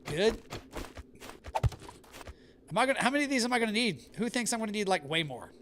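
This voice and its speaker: Very animated and brisk, with a voice that sits high and background noise behind it, a streamer chats live with viewers over a survival game. He comes from the American South but sounds neutral American, except when angry, when the Southern accent shows.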